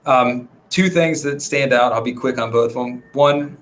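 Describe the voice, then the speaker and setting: A man who works as a real estate agent, a podcast guest chatting in a relaxed, rambling way with many fillers. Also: medium pitch, normal speed, slight background noise. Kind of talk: casual podcast conversation.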